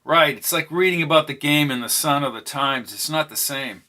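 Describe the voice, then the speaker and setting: A man's voice: on the high side, normal speed, bright, forceful tone. A man reading an audiobook, voicing a forward, curious young baseball fan from the 1920s. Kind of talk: audiobook character voice.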